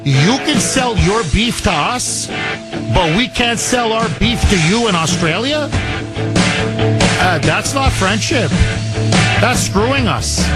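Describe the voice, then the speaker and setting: A man's voice: high-pitched, expressive, slow, long pauses, loud music behind the voice. A man from Canada hosting a talk radio show, speaking emphatically and repeating key phrases for punch. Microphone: studio microphone.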